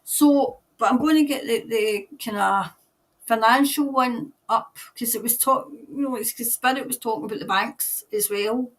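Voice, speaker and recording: A woman's voice: a little high, moderate pace, distant mic. A Scottish woman hosting a casual live stream as a tarot reader, chatting loosely, laughing often and greeting viewers by name. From Scotland.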